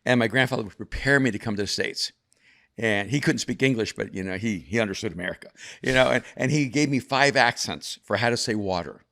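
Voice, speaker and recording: Brief: older male guest, low voice, thoughtful storyteller who restarts his sentences. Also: a little fast, fairly bright tone. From El Salvador. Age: over 50. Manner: reflective, frequent restarts and repeated words. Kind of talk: conversational storytelling.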